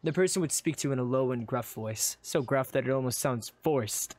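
A man narrating a live game roleplay in second person, with animated, flustered asides. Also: medium pitch, a little fast. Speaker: player and narrator.

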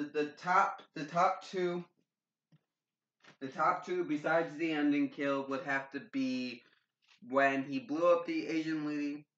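A young man casually reviewing a movie with spoilers, excitable and profane. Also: on the high side. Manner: excitable, profane, laughing asides. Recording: roomy, dull, distant mic with faint noise.

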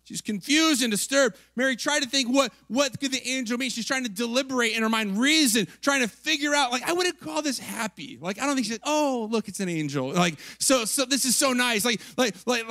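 A male pastor giving an easygoing sermon in a high, bright voice. He talks in a loose, chatty way and acts out the quotes, and the sound is dry and close with no room echo. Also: normal speed, hardly any pauses. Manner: chatty, lots of "like" and "right?", acts out quotes with laughs. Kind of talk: casual conversational sermon.

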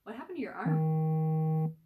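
A woman's voice: deep voice, lively intonation, slow, echoey room, far from the mic, narrow, tinny audio, over loud music. A woman voicing a resourceful, matter-of-fact preteen girl.

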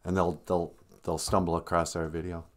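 A man's voice: sits low, little pitch movement, normal speed. A man hosting a casual live stream, joking and teasing his viewers while teaching words. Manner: playful, teasing banter with viewers; jokey mock-stern scolding.

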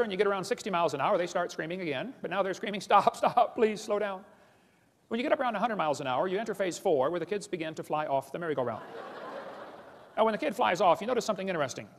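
Fast, mocking man lecturing in a hall. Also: high-pitched. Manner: mocking, blunt, repeatedly calls ideas stupid; rapid-fire, addresses audience as boys and girls. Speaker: creationist lecturer. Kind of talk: seminar lecture to an audience.

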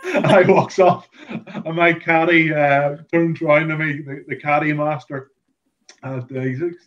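A man with a Northern Irish accent, a podcast guest telling a golf story in a lively, animated way. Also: on the high side, a little slow, dull audio. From Northern Ireland. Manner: lively anecdote teller, acts out quoted voices. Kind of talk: casual storytelling chat.

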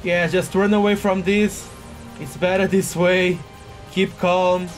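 A man giving live commentary on his own gameplay, excitable, often exclaiming and cursing at a hard boss fight. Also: high voice, takes it slowly. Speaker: gaming video host. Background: faint game music.

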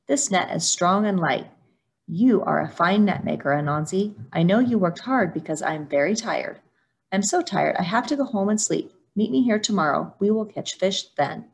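A woman's voice: fairly low pitch, animated, normal speed, vocal fry. A woman doing a sly sleepy turtle. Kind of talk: storybook reading.

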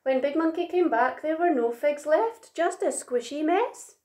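A woman reading a children's picture book aloud in an expressive, gentle way. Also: sits high, measured pace. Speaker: storyteller. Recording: roomy echo.

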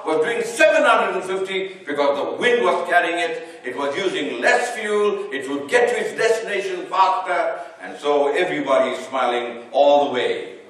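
Slow, animated preacher man in an echoey hall. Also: high voice. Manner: animated preaching, swelling and dropping his voice. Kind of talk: sermon. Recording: echoey hall, voice from far off the mic.

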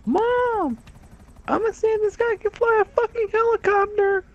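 A man doing a shrill whiny little boy. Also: normal speed, lo-fi sound. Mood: whiny yelling. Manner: shrill, whining, screaming. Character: whiny young boy yelling for his mom.

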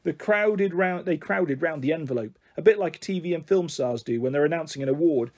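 A man narrating a children's storybook aloud with an expressive delivery. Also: on the high side, a little fast. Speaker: audiobook reader.

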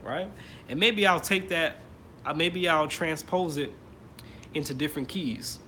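A man's voice: on the high side, measured pace, loud music behind the voice. A man teaching trumpet in an online masterclass, explaining casually with many fillers and restarts. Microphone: computer mic on a video call.

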